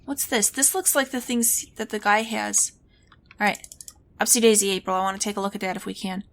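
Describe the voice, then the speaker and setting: A woman's voice: mid-range voice, fairly even intonation, brisk. A woman playing a game and thinking aloud, musing and asking herself questions as she goes. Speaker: let's play gamer. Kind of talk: casual game commentary.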